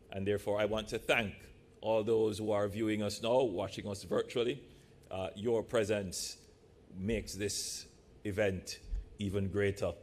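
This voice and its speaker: Man, politician, public speech, measured and deliberate, playful asides, lectern mic, large church hall. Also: on the low side. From Jamaica. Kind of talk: public speech to a live audience.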